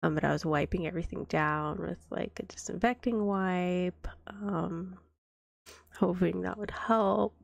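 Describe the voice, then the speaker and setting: A woman speaks in a whispered role-play, nursing a cold that leaves her coughing. She talks slowly and drifts off mid-thought, her voice carrying a gravelly fry. The close microphone sounds dry, with no room in it. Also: fairly low pitch, fairly even intonation, no echo. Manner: soft-spoken, rambling, trailing off. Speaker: vtuber streamer.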